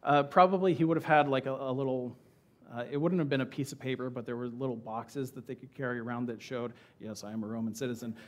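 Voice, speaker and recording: A man preaching a sermon in a church, retelling a scripture passage in a casual, animated way and acting out the characters' lines. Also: medium pitch, quick pace. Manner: conversational, animated storytelling with acted-out quotes. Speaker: pastor.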